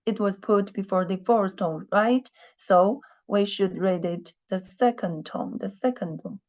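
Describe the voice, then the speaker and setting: A woman's voice: mid-range voice, a little slow, a little mellow, highs cut off. A woman teaching a beginner class in English, patient and repetitive, often checking that students follow. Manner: patient, repeats herself, asks "are you clear?". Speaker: Chinese teacher. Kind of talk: slow live language lesson.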